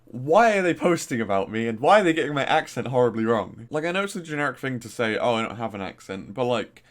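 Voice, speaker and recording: A man's voice: mid-range voice, expressive, fast talker. Chatty young man, mild Norfolk accent. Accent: mild Norfolk English. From Norfolk, England. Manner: chatty, rambling, exclaiming, many fillers. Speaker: gaming YouTuber. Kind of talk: casual commentary reviewing posts.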